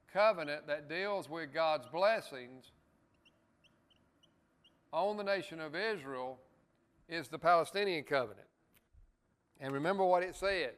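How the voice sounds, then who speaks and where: A man's voice: fairly high pitch, a bit bright, smooth, long reverb tail. A man teaching a Bible study lesson in a church, earnest, stressing key words and adding asides to the class.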